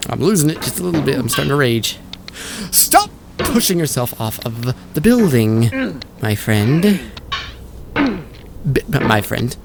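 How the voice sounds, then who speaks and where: A gaming YouTuber doing let's play commentary, exasperated and talking back at the game, lurching between yelling and muttering. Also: medium pitch, very animated, moderate pace, creaky, noisy background. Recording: voice with game music playing. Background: game music.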